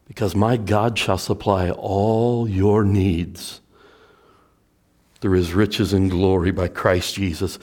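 Male pastor, middle-aged, unhurried sermon delivery, swings loud to hushed. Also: low-pitched, steady tone. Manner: dramatic swings from loud emphatic preaching to hushed storytelling.

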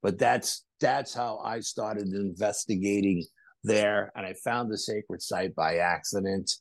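A man, a podcast guest, telling animated stories in a casual interview and acting out other people's quotes. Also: fairly low pitch, unhurried, gravelly, dry recording. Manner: animated anecdotes with acted-out quotes. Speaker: podcast guest, paranormal investigator.

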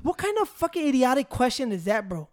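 A man's voice: extremely high pitch, big pitch swings, fast, dry recording, clean studio sound. A man on a casual podcast, telling a story in an exasperated, profane way. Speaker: podcast co-host. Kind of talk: casual chat.

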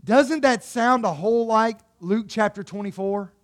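At a measured pace, a male pastor works through his sermon, questioning the congregation rhetorically and speaking to them directly. Soft, low moments give way to loud exhortation.

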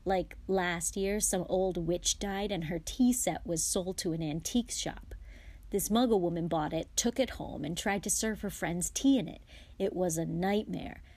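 Woman reading as an excitable teen wizard boy. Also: fairly low pitch, measured pace, no echo. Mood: animated.

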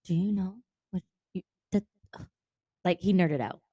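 A woman's voice: lowish voice, a little slow, warm tone, breathy edge, dry recording. A woman co-hosting a casual book-discussion podcast. She talks animatedly, swears freely and acts out characters' lines. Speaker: podcast co-host.

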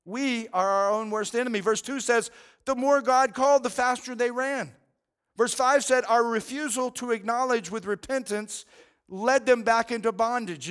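Earnest high-voiced preacher. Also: male voice, a bit bright. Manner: earnest, conversational preaching with frequent repeated words. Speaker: pastor. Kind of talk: sermon.

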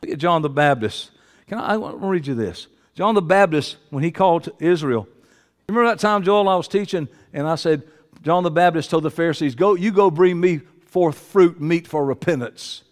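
A male pastor is in the middle of a sermon, his very high, smooth, resonant voice carried by a long hall reverb. Speaking at normal speed, he swings from loud, high exclamations to low, quiet asides.

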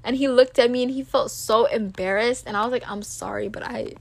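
A woman's voice: fairly high pitch, brisk, vocal fry. A young woman in her teens casually telling a rambling personal story to camera, full of "like" and "literally". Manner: chatty, rambling, heavy use of "like" and "literally". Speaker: vlogger.

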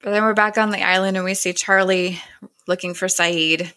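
Bright-voiced woman recapping casually. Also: medium pitch, steady tone, normal speed. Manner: retells scenes with "he's like" quotes and giggles.

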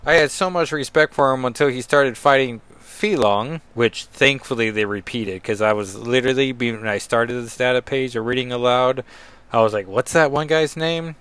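A man's voice: medium pitch, moderate pace, a bit bright, clean tone. Chatty man reading comics aloud. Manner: chatty, digressive, self-deprecating. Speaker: comic book reader and commentator.

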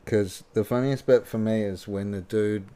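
Low-voiced man hosting a giggly, rambling reaction video. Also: steady tone, moderate pace, warm tone, clear, resonant tone. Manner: laughs often, rambling with fillers. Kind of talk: casual commentary on a clip.

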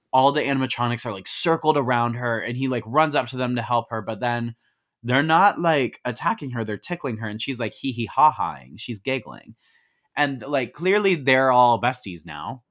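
A man's voice: mid-range voice, expressive, normal speed, a bit bright. A man co-hosting a podcast, casually recapping a movie scene by scene in slangy, profane talk and acting out the characters' lines in quotes. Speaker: podcast co-host.

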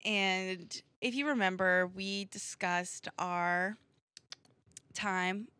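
Chatty young woman, bright voice. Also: mid-range voice, fairly even intonation, drawn-out words, clear, resonant tone, dry recording. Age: young adult. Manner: chatty, reads out comments aloud. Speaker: podcast co-host. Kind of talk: casual chat.

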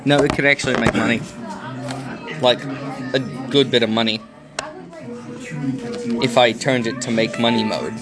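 A man's voice: medium pitch, little pitch movement, normal speed, long pauses, over music. A young man co-hosting a podcast, crude and joking in casual chat. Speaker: podcast co-host.

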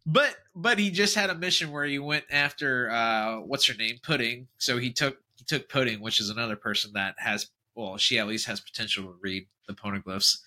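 A man with a very bright, sharp-edged voice at a middle pitch, chatting casually as a podcast co-host. He talks animatedly, laughs often and drifts into playful tangents. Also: moderate pace, hardly any pauses. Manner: animated, laughing, jumps into tangents and jokey impressions. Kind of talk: casual chat.

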